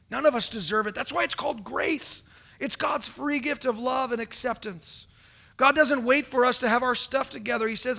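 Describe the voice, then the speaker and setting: Animated bright-voiced male preacher. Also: very high voice, moderate pace, vocal fry. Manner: animated preaching, swings from loud calls to hushed asides; acts out quoted voices of churchgoers and God. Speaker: pastor. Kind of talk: sermon. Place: stage before a congregation.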